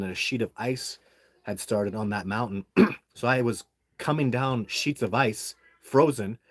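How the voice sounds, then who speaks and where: A Canadian man with a fairly low voice tells a long story straight to the listener in a loose, casual monologue. He is blunt and heated and curses freely as he vents. The recording is dry and close, with no room sound. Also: no room sound. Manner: blunt and heated, swears freely while venting. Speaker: independent Sasquatch researcher and show host.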